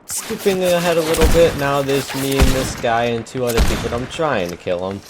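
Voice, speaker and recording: A man's voice: mid-range voice, fairly quick, very noisy. A young man giving casual, self-mocking commentary over his own gameplay clips. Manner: laid-back, self-mocking, joking. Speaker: gaming YouTuber. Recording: loud gunfire and game sounds behind.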